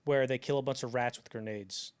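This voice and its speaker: A young man co-hosting a podcast in casual chat, talking animatedly and jumping into loud acted-out quotes. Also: mid-range voice, brisk, clean tone. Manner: animated, acts out quotes in bursts, many fillers. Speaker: podcast co-host.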